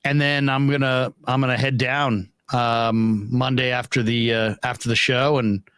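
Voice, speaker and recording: Rambling animated sports-talk host, man. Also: medium pitch, moderate pace, clear, resonant tone, no room sound. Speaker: radio show host.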